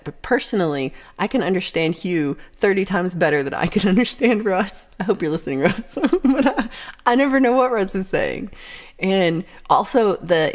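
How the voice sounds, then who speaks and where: A woman hosting a livestream, chatting casually and reading out viewer comments in a rambling, chatty way. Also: fairly low pitch. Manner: rambling, chatty, frequent restarts and laughs. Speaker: livestream host.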